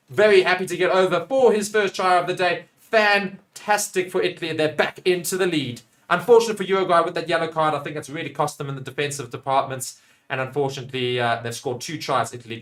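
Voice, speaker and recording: Man, South African accent, quick high voice, live rugby play-by-play, excitable. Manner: excitable, rising loudly on attacking plays; drops to a low, quiet aside when reading chat. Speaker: watchalong commentator.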